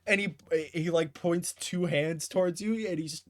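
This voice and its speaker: A man's voice: a little high, fairly even intonation, normal speed. A man narrating as game master in a casual, laughing way, swearing freely.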